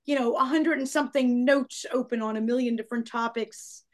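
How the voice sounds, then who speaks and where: A woman host with a high-pitched voice talks with a guest. She is effusive and enthusiastic, and she heaps praise in an easy, chatty way. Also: fairly even intonation, a little fast. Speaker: podcast host. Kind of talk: conversational interview.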